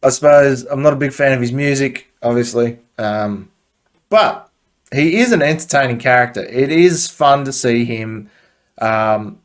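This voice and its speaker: A man's voice: mid-range voice, unhurried. A man with an Australian accent hosting a casual podcast, giving blunt, swear-laden opinions with plenty of fillers. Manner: blunt, profane, offhand commentary with frequent fillers. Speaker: podcast host.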